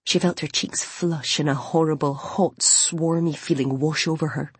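Husky-voiced woman narrating a novel. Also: low voice, steady tone, normal speed, no room sound. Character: Imogen, determined young blind woman wanting a baby. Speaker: audiobook narrator.

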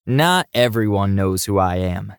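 A big young quarterback, low-voiced and easygoing, modest and gently teasing, as a man voices him. He speaks calmly and never pushes. The sound is dry and close. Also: unhurried, gravelly, smooth, dry recording.

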